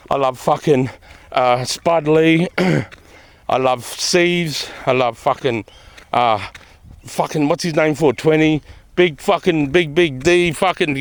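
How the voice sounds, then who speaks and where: A man's voice: a little high, no echo. A middle-aged man with an Australian accent, a former soldier vlogging in a blunt, swearing, emphatic way and repeating his points. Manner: profane, emphatic, repetitive. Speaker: army veteran vlogger. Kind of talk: casual vlog talk.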